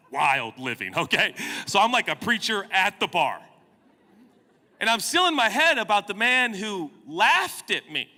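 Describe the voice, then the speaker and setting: A man's voice: high voice, pushed and bright. A man in his forties, a pastor telling a comic, self-mocking story during a sermon. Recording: long hall reverb.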